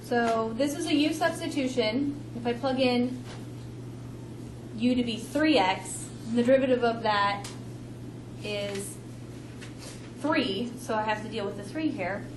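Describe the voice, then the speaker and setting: A woman math instructor lecturing a class, explaining steps briskly and thinking aloud. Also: fairly high pitch, background noise.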